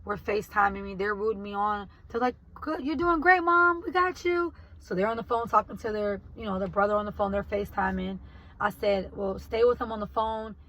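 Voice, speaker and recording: A woman's voice: medium pitch, little pitch movement, brisk, rough recording. A woman, telling her viewers about her basket business in a casual vlog. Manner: talks straight to viewers, emotional, says y'all. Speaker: vlogger and basket maker.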